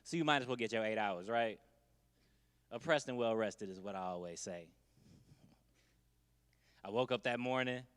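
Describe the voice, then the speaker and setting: A man's voice: fairly low pitch, normal speed, pauses often, a bit bright, clean tone, big-room sound. Laid-back male stand-up comic. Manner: laid-back, conversational, wry asides. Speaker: stand-up comedian. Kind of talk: stand-up comedy set.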